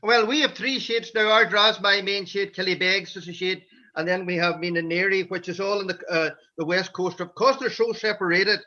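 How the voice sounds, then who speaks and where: Donegal Irish man, high and bright, anecdotal storyteller, lo-fi call audio. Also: fairly even intonation, normal speed. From Ireland. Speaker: men's shed member. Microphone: video call. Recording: dull lo-fi video call audio.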